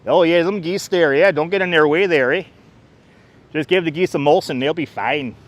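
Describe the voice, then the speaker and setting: A man's voice: a little high, moderate pace, natural voice. A man putting on a folksy joke Canadian. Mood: joking. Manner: tags "there" and "eh" onto every line.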